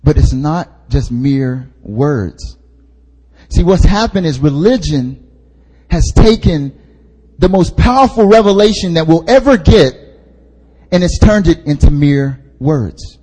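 A man's voice: on the high side, expressive, takes it slowly, warm tone, slightly rough. A young man, an intern pastor, preaching at a prayer meeting in a casual, joking way, repeating his key points for emphasis. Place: church hall. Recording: long hall reverb.

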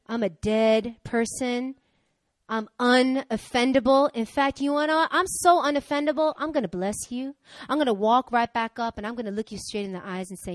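A woman preaching a sermon who tells candid personal stories and acts out the dialogue with lively energy. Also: a little high, normal speed, no echo. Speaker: preacher, pastor's wife.

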